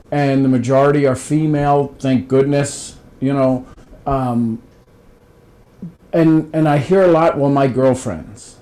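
Here a podcast guest, an older man from Ohio, chats casually and hands out advice like a folksy coach, repeating words and starting over often. His voice is mid-range with a dark tone, captured in a low-quality recording.

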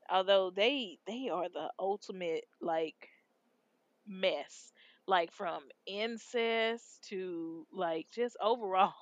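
A woman's voice: medium pitch, no room sound, highs cut off. A woman co-hosting a casual podcast chat, retelling shows in a slangy, laid-back way with lots of fillers. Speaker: podcast co-host.

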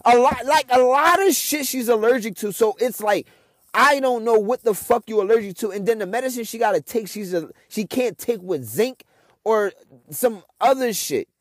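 Ranting man with a high voice. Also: expressive, normal speed, no room sound, studio quality. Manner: frustrated, ranting, heavy cursing. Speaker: podcast host. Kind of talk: casual monologue.

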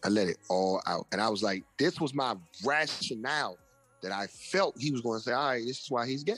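A man's voice: medium pitch, animated, brisk, fairly bright tone, husky, faint music behind. A young man, an interview guest and author, telling a personal testimony in casual slang and acting out the voices of people he quotes.

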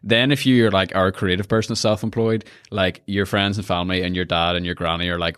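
A man's voice: low voice, fairly even intonation, brisk, hardly any pauses, a bit bright, smooth, dry recording, clean studio sound. A man hosting an interview, enthusiastic and joking as he asks his questions. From Northern Ireland. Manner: enthusiastic, jokey, leads questions. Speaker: podcast host. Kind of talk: casual interview chat.

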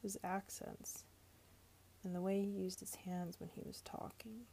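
A woman narrating a novel aloud in a measured, even storytelling manner. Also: medium pitch, vocal fry, slightly rough. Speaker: audiobook narrator. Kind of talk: storybook reading.

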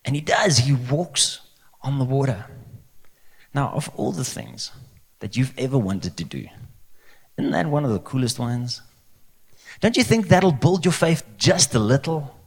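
A man's voice: medium pitch, a little slow, long pauses, breathy edge. A male pastor preaching a conversational sermon, asking rhetorical questions. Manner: lively, conversational, asks the crowd rhetorical questions.

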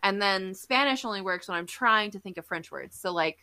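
A teacher tells playful stories on a podcast. Her voice is bright and sharp. She chats casually. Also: mid-range voice, animated, fairly quick. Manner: storytelling, playful. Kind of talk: casual chat.

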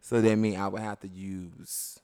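A man's voice: deep voice, flat delivery, a little slow, mellow, clean tone, dry recording. A man from Tennessee, co-hosting a casual podcast chat, playful and teasing. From Nashville, Tennessee. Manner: playful, teasing, swears freely. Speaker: podcast co-host.

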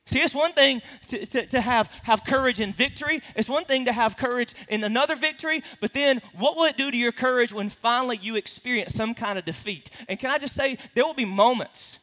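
Pastor, male, animated sermon delivery with playful asides; bright tone, long hall reverb. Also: very high voice, moderate pace. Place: large hall with a congregation.

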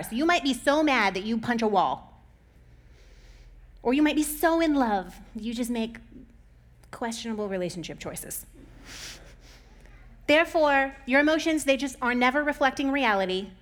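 A woman's voice: on the high side, a bit bright. A young adult woman talking casually as a host, chatty and full of "like" fillers, often laughing between points. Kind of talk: casual chat.

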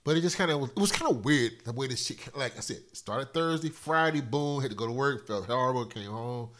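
A middle-aged man rambles through his solo podcast, loose and profane, his voice a bit stuffy from a cold. He sits at a middle pitch and jumps between loud bursts and muttered asides. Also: animated, a little fast. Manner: loose, profane, rambling storyteller with big swings in loudness. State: slightly congested from a cold. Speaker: podcast host. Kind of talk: casual solo podcast monologue.

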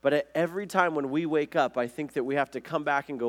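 Earnest preacher man, slightly high voice. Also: fast talker. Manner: earnest, asks the listeners questions, with restarts. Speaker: pastor. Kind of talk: conversational sermon.

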